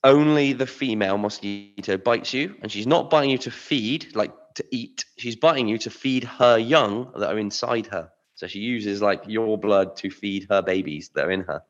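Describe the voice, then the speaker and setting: A man's voice: on the low side, moderate pace, few pauses, highs cut off. A British-accented man co-hosting a podcast, chatting with enthusiasm and loose, easygoing phrasing. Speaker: podcast co-host. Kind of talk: casual chat.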